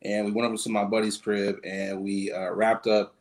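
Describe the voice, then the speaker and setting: A man co-hosting a podcast, telling a story in casual chat, laid-back with many pauses and fillers. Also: fairly low pitch, flat delivery, darkish tone. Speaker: podcast co-host.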